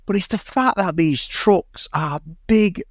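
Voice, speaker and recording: A man's voice: high voice, slow pace, no echo. A British man co-hosting a podcast, ranting animatedly and swearing about a film in casual chat. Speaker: podcast co-host.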